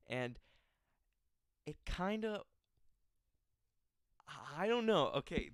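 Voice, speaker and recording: Smooth, chatty young-sounding male reviewer. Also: mid-range voice, dry recording, studio quality. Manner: chatty, laughing, exaggerated asides. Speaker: film reviewer. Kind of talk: casual movie review vlog.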